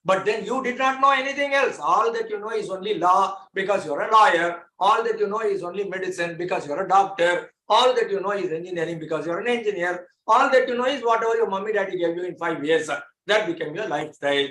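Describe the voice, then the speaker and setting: A man lectures a class in a bright, forceful voice that sits a little high. He explains with homely examples and drives points home by repeating phrases. The sound is echoey, as in a bare room. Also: fast talker, few pauses.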